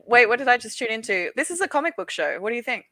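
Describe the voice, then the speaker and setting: High lively woman giggling on a comics stream, dry close sound. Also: racing, no room sound. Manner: giggly, playful. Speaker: podcast co-host. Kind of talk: casual chat.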